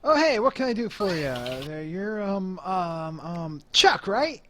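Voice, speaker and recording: A man's voice: high voice, sing-song, measured pace, bright, forceful tone, voice pushed up, full character voice. A man voicing a chummy middle-aged club owner who rambles in a folksy way. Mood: friendly.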